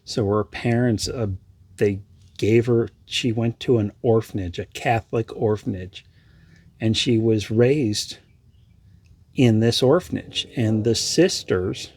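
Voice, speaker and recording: A man vlogging, telling a personal story in a reflective, halting way with restarts. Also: fairly low pitch, darkish tone, slightly rough. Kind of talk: casual storytelling.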